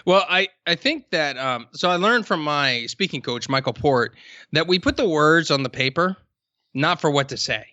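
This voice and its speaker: A man with a bright, forceful, slightly high voice chats on a podcast, stretching words for emphasis as he tells stories. The sound is dry and a little dull, with a lo-fi edge. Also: lively intonation, no room sound. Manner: emphatic, storytelling, drawn-out stresses. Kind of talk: casual podcast conversation.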